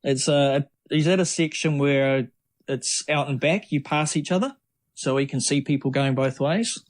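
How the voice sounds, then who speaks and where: A man's voice: medium pitch, normal speed. Chatty New man telling stories. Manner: rambling, lively anecdotes with many restarts. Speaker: triathlete guest. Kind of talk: casual storytelling interview.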